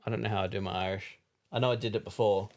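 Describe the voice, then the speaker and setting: A man's voice: steady tone, rapid-fire. A man co-hosting a casual chat, reading game box blurbs in silly voices and laughing often. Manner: playful, laughs often, drops into a low movie-trailer voice. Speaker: co-host.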